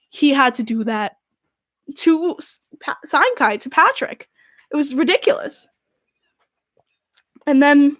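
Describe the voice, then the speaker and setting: A high-voiced young woman hosts a podcast, casually recounting events in animated, exasperated storytelling full of "like." The sound is dry and close, without echo.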